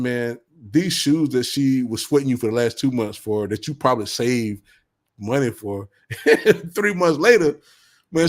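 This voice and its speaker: Speaking at mid pitch, a man offers casual advice as a commentary vlogger, preaching bluntly in thick slang. He hammers the same points and insults again and again, punctuated by bursts of laughter.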